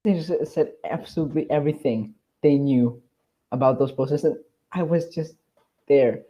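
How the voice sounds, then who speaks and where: A man's voice: a little high, moderate pace, dark tone, highs cut off. A teenage boy in casual chat, telling a story with many hesitations and restarts. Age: teens. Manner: hesitant, lots of ums and restarts, embarrassed.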